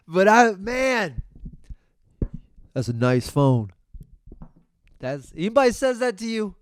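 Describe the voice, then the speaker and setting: A middle-aged man, hosting his podcast and telling a story in a casual, profane, animated way. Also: mid-range voice, no room sound, studio quality. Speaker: podcast host.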